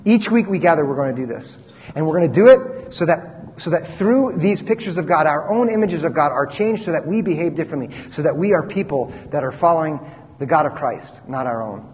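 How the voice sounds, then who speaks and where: A man's voice: fairly high pitch, animated, brisk, a little mellow, slight background noise. A young man preaching a sermon as a pastor, earnest and emphatic with frequent repetitions. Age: young adult. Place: church sanctuary. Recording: church hall reverb.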